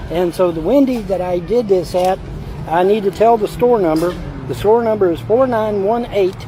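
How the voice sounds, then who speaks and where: A man chatting casually as he eats fast food in his parked car, drawling and rambling. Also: high-pitched, warm tone, a little hiss or hum, rough recording. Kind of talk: casual mukbang chat. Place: parked car at a drive-thru.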